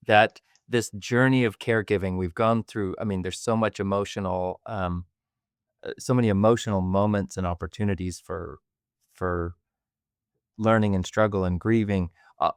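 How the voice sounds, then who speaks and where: Man, podcast host, reflective, measured speech, somewhat deep voice, dry close sound. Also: fairly even intonation, clean tone, dry recording. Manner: thoughtful, measured, with hesitations. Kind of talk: reflective conversation.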